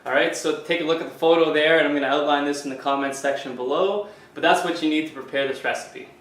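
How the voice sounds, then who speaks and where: In his home kitchen, a Canadian man who works as a fitness coach shows a recipe to camera, talking casually with many fillers like "you know." His slightly high, fairly bright voice moves quickly but keeps a fairly even intonation. The sound is roomy and the recording rough.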